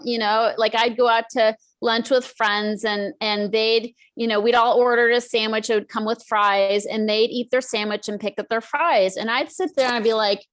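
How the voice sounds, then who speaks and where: Animated, high-voiced woman guest. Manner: chatty and animated, acts out her own inner voice. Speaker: guest, emotional eating expert. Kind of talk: podcast interview.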